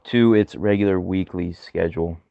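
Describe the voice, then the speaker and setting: A young man co-hosting a casual podcast, teasing and joking in quick banter. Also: low-pitched, creaky, no echo, muffled recording. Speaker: podcast co-host. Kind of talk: casual chat.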